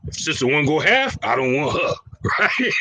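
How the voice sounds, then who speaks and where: A man's voice: on the high side, big pitch swings, quick pace, bright, forceful tone, a little hiss or hum, rough recording. A man co-hosting a casual religious discussion, teasing and laughing often and putting on voices when he quotes people. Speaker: co-host.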